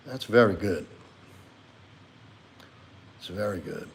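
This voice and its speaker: A man's voice: fairly low pitch, expressive, unhurried, vocal fry, pauses often. A man hosting a casual livestream as a men's coach, reading viewer comments aloud and reflecting on them earnestly.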